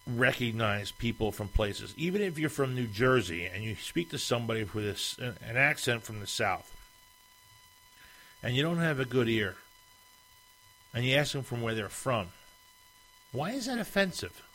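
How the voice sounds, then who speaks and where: A man's voice: medium pitch, animated, moderate pace, fairly bright tone, low-quality recording. Man ranting through rhetorical questions. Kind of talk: opinion monologue.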